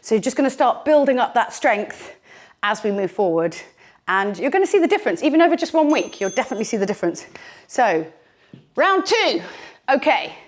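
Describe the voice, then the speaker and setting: Slightly out of breath, a female fitness instructor leads bodyweight exercises in a chatty, jokey, supportive way, speaking into a mic clipped to her t-shirt. Her voice is a little high and sing-song, and her pace is a bit quick.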